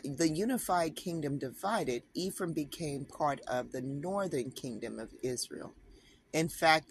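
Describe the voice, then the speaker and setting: Man, online Bible teacher, somewhat high voice, reads aloud, casual emphatic commentary. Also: vocal fry, slight background noise. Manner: conversational, talks to viewers directly, emphatic asides.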